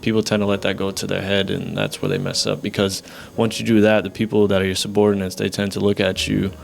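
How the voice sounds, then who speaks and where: A man talking in a relaxed, reflective way about his own experience in a casual podcast chat. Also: lowish voice, quick pace, vocal fry, slight background noise.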